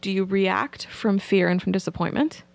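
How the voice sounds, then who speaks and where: Creaky-voiced woman therapist telling stories. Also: medium pitch, moderate pace. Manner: candid storytelling about clients. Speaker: psychotherapist guest. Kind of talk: podcast interview.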